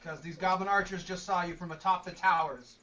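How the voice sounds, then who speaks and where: An easygoing game master hands out rulings and sets up the action for the players, speaking at a middle pitch. The voice sits back from the mic, with faint noise under it. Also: recorded from a distance. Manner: relaxed, easygoing rulings with quick asides. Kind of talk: running a tabletop game.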